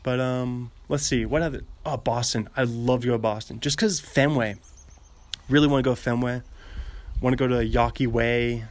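A man's voice: medium pitch, fairly even intonation, moderate pace. A young man host chatting alone in a meandering way, laughing often and interrupting himself while pacing in an outdoor gazebo. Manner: giggly, meandering, self-interrupting. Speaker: podcast host. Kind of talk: rambling solo chat. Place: outdoor gazebo, light drizzle. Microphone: walking while talking.

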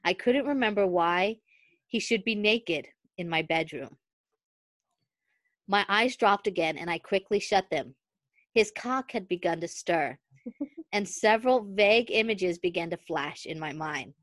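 A woman podcast host reading a fan fiction story aloud, expressive and quick to break into laughter. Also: mid-range voice, no echo.

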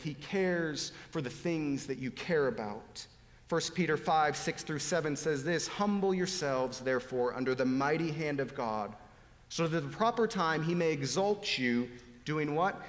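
A man preaching a sermon, dropping to hushed whispers and rising to loud, pleading appeals. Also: fairly high pitch. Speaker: pastor. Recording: long hall reverb.

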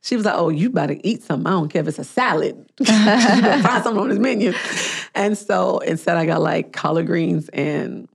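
A woman in her thirties hosting a podcast, her voice sitting a little low. She talks in a casual, chatty way and brings her stories to life by playing out what other people said. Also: brisk, vocal fry, husky. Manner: animated storytelling, acting out quoted people. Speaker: podcast host. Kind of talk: casual chat.

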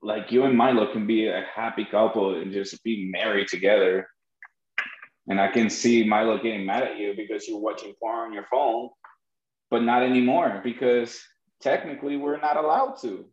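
Podcast host, Spanish-accented man, low voice, jokey storyteller, muffled echoey mic. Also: fairly even intonation, moderate pace. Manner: joking, storytelling, laughs often. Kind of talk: casual chat. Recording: dull lo-fi roomy sound.

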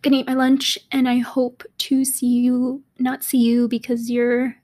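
A woman's voice: fairly high pitch, level tone, a little slow, a little mellow. A young woman hosting a casual solo podcast, chatty and rambling, laughing often and dropping into half-whispers. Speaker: podcast host. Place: apartment in a city.

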